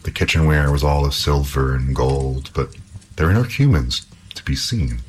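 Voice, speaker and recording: A man reading an old folk tale aloud in an expressive storytelling manner. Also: a bass voice, normal speed, a little hiss or hum, low-quality recording.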